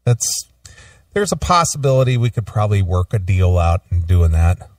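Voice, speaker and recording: A man's voice: deep voice, moderate pace, no echo, recorded from a distance. Man, radio host, casual banter, filler uhs, dry sound, a bit off-mic. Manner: relaxed, with many filler uhs. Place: home radio studio.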